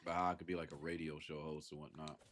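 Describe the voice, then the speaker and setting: A man's voice: extremely low pitch, flat delivery, fast talker, slight background noise. A man with a Southern US accent, chatting casually on a live stream and thanking chatters, sounding congested from a sinus infection. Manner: laid-back, chuckles often, thanks chatters.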